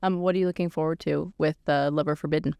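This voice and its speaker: A woman interviewer and editor asking quick, encouraging questions in a casual chat. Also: low voice, steady tone, vocal fry, a little mellow, clear, resonant tone, no room sound, studio quality.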